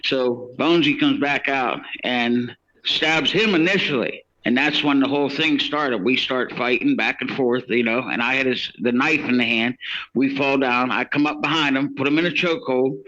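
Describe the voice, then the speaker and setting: A man's voice: medium pitch, steady tone, normal speed, pushed and bright, lo-fi sound. A man telling his own story in casual, rambling speech, acting out what others said. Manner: rambling, many restarts and quoted dialogue. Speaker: interviewee telling his case.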